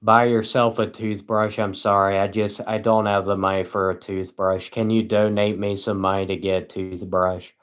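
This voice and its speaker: A man livestreaming at home, reading chat aloud and answering with deadpan sarcasm and frequent chuckles. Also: fairly low pitch, moderate pace, hardly any pauses, smooth.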